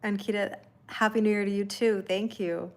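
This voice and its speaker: A woman's voice: mid-range voice, fairly even intonation, normal speed, darkish tone. A woman hosting a casual live tarot reading, chatting and laughing with viewers and reading their comments aloud in a reassuring tone. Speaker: tarot reader hosting a livestream.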